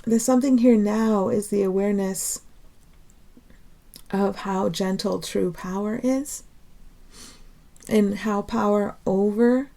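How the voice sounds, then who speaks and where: A woman's voice: medium pitch, slow pace, creaky, long pauses. A woman giving an unscripted spiritual talk, emotional and earnest, laughing often between phrases as she teaches. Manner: pleading, then calming herself down.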